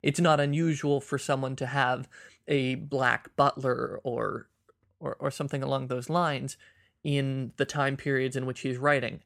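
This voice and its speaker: Gravelly-voiced man, thoughtful podcast talk. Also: mid-range voice, fairly bright tone, no room sound, clean studio sound. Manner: thoughtful, searching for words with restarts. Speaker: podcast co-host. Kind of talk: casual film discussion.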